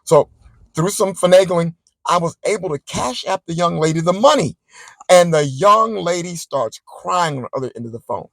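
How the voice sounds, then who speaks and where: A man vlogging, chatting straight to his viewers as he tells a story in a casual, animated way. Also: sits high, moderate pace, creaky, no room sound, poor audio.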